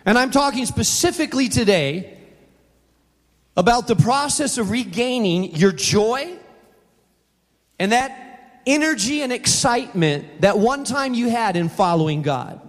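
High-voiced pastor preaching in a reverberant hall. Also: male voice, expressive, unhurried, long pauses. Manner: conversational, acts out voices in anecdotes. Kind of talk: sermon with personal storytelling. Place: church auditorium.

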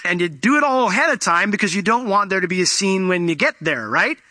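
Male pastor, high and very bright voice, chatty sermon delivery with acted-out asides, dry close sound. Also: lively intonation, quick pace, no echo. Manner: conversational, acts out little quoted exchanges.

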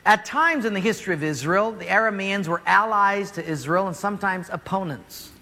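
A man delivers a sermon as an animated storyteller, cracking jokes as he goes. His voice is high, bright and full of swings in pitch, and it echoes in a church hall with long reverb. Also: brisk. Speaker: preacher.

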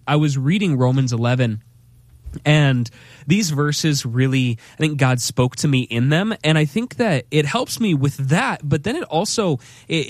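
A man with a slightly higher voice, speaking sincerely about his faith on a talk show. He stops and restarts as he gathers his thoughts. The sound is close and dry. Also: no echo. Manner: reflective, sincere, halting.

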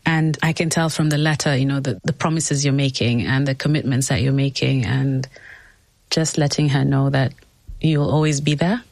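A woman hosting an interview, speaking gently and supportively and reflecting back on her guest's story. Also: extremely low pitch, fairly even intonation, normal speed, gravelly, dry recording. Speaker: host. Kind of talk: interview conversation.

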